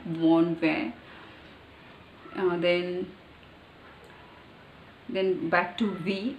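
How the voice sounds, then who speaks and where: Woman slowly repeating practice words. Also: medium pitch, fairly even intonation. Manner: repeats words over and over, slow and deliberate. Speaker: vlogger practicing pronunciation. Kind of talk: casual practice vlog. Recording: echoey room, faint ambient noise.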